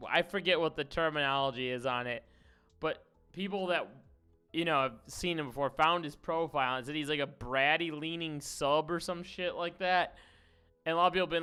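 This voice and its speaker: A male streamer talks through his reaction in a casual, rambling way, blunt and openly incredulous. His voice is bright and sits a little high for a man, with faint music under it. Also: smooth. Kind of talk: casual live-stream commentary.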